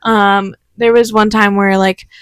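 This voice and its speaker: A woman's voice: medium pitch, level tone, unhurried, smooth, no echo, poor audio. A young woman co-hosting a casual podcast, telling stories with lots of laughter and acted-out quotes. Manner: giggly, storytelling with acted quotes. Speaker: podcast co-host. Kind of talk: casual chat.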